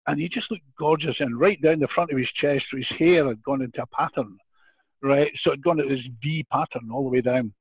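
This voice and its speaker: Older man, Scottish accent, husky voice, animated storytelling, frequent laughter, dull dry recording. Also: medium pitch, brisk, dry recording. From Scotland. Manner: animated, laughs often, restarts sentences. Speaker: guest. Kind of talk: storytelling in a podcast interview.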